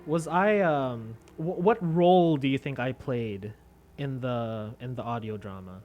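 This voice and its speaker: A man's voice: mid-range voice, a little slow, lo-fi sound, faint music behind. A man chatting casually with viewers on a live stream, rambling and self-deprecating. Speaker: VTuber streamer.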